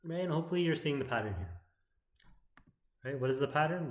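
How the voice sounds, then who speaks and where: A man teaching poetic meter in an explanatory lecture, often checking in with "right?" and chanting verse lines slowly. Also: fairly high pitch, roomy sound. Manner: keeps asking "right?" as he explains.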